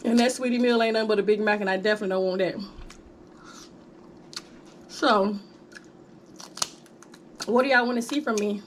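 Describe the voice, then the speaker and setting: A woman's voice: medium pitch, moderate pace, long pauses, a little hiss or hum. A woman vlogging a mukbang in a casual, chatty way, calling her viewers "honey" and "y'all" between bites. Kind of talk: casual chat while eating.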